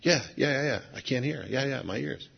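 A man's voice: medium pitch, brisk, vocal fry, slightly rough. A preacher murmuring as a weary deaf man. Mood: resigned. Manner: hushed, resigned murmuring. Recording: dull lo-fi sound with long hall reverb.

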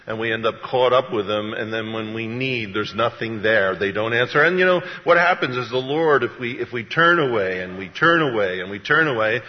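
A pastor with a medium-pitched voice preaches a sermon in church, talking briskly with few pauses. His style is folksy and conversational, telling stories with acted-out voices. The church hall sound is dull and echoey.

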